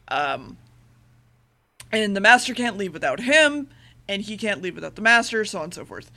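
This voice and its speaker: A woman co-hosting a podcast, recapping an episode in a fast, rambling, profane casual chat. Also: mid-range voice, very animated, gravelly, bright, forceful tone. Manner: rambling, profane recap with loose paraphrased dialogue; rushes her words.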